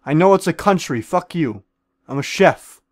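A man's voice: fairly high pitch, lively intonation, moderate pace, no echo, studio quality. A man giving joking, profane commentary while playing a game, talking to the other players and playing up a comic celebrity-chef persona. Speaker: gaming video creator.

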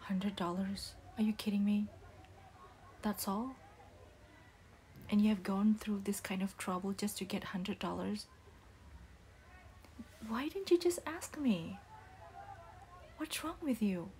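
A young woman playing a disappointed, stern single mother in a whispered role-play, speaking softly and haltingly with many restarts. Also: medium pitch, a little hiss or hum. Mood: hurt, disappointed. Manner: soft-spoken, halting with restarts.

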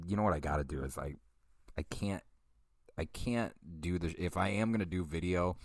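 A man's voice: low-pitched, no room sound, studio quality. A man hosting a podcast, rambling through a casual film review with profane, self-deprecating asides and chuckles into a microphone. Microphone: studio microphone.

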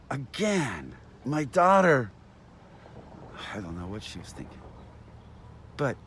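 A man's voice: sits high, fairly bright tone. A man giving an agitated, aggrieved ranting monologue to camera, often repeating himself. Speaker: vlogger.

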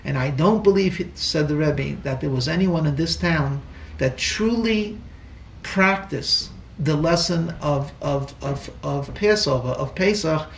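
A man, a rabbi, telling a story in a sermon, halting and repeating words, heard in an echoey room from a distant mic. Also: on the high side, creaky, a little hiss or hum. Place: lecture room in a Torah center.

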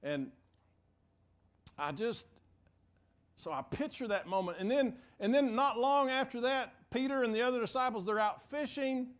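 A male pastor preaching a sermon in a church, telling a story in a lively way with frequent repeated words. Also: very high voice, brisk, few pauses. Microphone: mic for preaching.

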